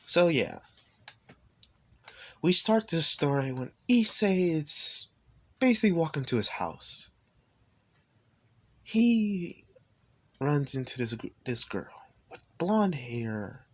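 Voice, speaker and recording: A man's voice: fairly high pitch, very animated, takes it slowly, pauses often, breathy edge. Chatty man rambling through a fan story. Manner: rambling, self-interrupting, chatty. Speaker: storyteller vlogger. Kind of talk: casual fan-story narration.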